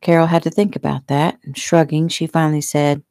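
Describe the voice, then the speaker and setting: A woman's voice: sits low, brisk, dry recording. A woman author reading her own novel aloud at home in a casual, unpolished manner. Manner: relaxed, unpolished, clears throat. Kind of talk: casual audiobook narration. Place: home room.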